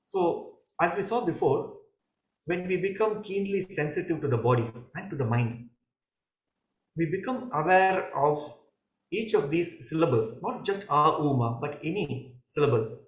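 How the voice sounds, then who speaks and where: A man, a yoga teacher, giving calm, measured explanations in a podcast conversation, pausing and restarting now and then. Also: a little high. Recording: echoey room.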